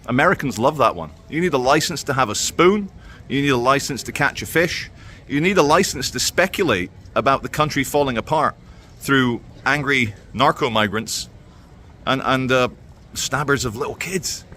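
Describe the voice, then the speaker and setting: A man's voice: mid-range voice, lively intonation, normal speed, bright, forceful tone, slight background noise. An English man ranting sarcastically on an outdoor street vlog, heated and rambling. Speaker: vlogger. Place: outdoors at a broadcaster's building.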